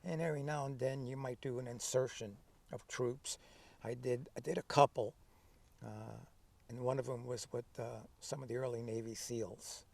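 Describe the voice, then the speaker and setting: A man in his seventies telling stories from his past in an interview, lively and acting out remembered dialogue. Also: medium pitch, moderate pace, vocal fry, distant mic. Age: 70s. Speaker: interview guest, veteran. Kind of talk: conversational storytelling.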